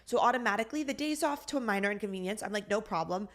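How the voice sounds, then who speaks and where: Animated woman telling a frustrating story. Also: fairly high pitch, racing. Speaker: podcast co-host. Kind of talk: casual storytelling chat.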